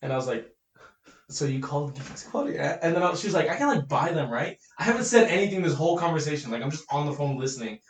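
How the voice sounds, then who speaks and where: A man's voice: a little high, expressive, fast, distant mic. A young man on a podcast, casually telling work stories with lots of swearing. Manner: swears freely, tells work stories in quoted voices. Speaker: podcast co-host. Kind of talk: casual chat. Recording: echoey room, off-mic, faint noise.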